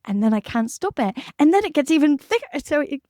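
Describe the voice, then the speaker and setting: A woman's voice: high voice, big pitch swings, brisk, mellow, no room sound. Woman, mixed Irish-British accent, podcast guest, chatty, candid, dry sound. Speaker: guest, security manager. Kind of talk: casual interview chat.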